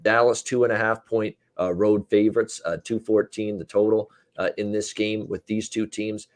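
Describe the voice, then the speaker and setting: A man's voice: lowish voice, level tone, normal speed, no room sound, studio quality. A man hosting a sports betting talk show, chatting loosely with many fillers.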